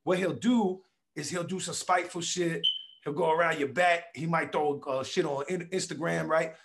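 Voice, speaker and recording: Guy talking loose and blunt on a podcast, swears a lot, voice sits kinda high. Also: moderate pace, gravelly, a little hiss or hum. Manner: blunt, profane, animated storytelling with acted quotes. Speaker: podcast guest. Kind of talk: casual conversation.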